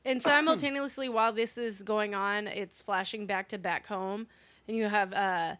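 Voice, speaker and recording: A young woman in casual chat, animated and profane, quoting characters in put-on voices. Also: mid-range voice, normal speed, dry recording.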